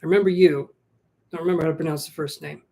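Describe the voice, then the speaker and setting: A man doing a relaxed live tarot reading on a stream. He chats easily and jokes about himself. He talks his thoughts through out loud as he lays out cards for viewers. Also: on the high side, fast talker, vocal fry. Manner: chatty, self-joking, thinks aloud. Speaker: tarot reader.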